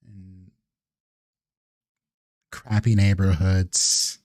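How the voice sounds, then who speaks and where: A man's voice: low voice, little pitch movement, extremely slow, darkish tone, pitched below the performer's own voice. A man voicing a poised, persuasive woman vampire elder in a live-streamed tabletop role-play, coaxing and grandly idealistic.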